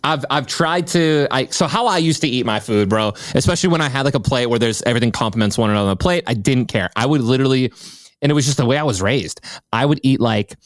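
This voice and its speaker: Male podcast host, rapid-fire delivery, excitable and slangy, dry close mic. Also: mid-range voice, dry recording. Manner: excitable, slangy, swears a lot. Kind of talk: casual chat.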